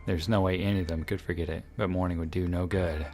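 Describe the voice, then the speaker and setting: A man reading a visual novel aloud in a measured, dramatic narration, with occasional slips. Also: deep voice, fairly even intonation, a little mellow, soft background music. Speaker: game reader.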